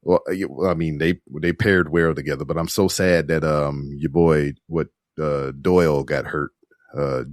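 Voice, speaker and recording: A man's voice: very deep voice, steady tone, normal speed, no room sound, clean studio sound. A man co-hosting a casual wrestling podcast who laughs a lot and throws in jokey asides. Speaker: podcast co-host.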